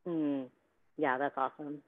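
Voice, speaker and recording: A woman moderating an interview and fan Q&A over a video call, speaking softly with short affirmations before her questions. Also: deep voice, steady tone, measured pace. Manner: soft-spoken, brief affirmations. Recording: thin phone-like sound.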